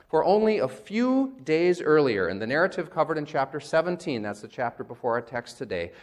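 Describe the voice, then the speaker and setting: A male pastor giving a conversational, wry sermon and acting out quotes. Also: mid-range voice.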